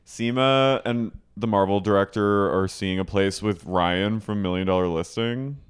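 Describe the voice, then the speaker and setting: A man co-hosting a podcast and tossing out blunt, deadpan one-liners about a TV episode. His voice is very low and smooth, with a resonant clarity. He speaks into a studio mic. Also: unhurried. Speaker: podcast co-host. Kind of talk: casual chat recapping a TV episode.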